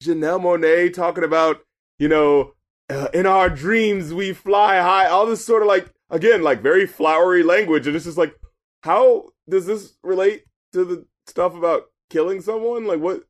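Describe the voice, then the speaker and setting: A man co-hosting a podcast, chatting casually and swearing through animated, incredulous rants about an album. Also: sits high, normal speed. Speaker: podcast co-host reviewing albums. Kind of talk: casual chat.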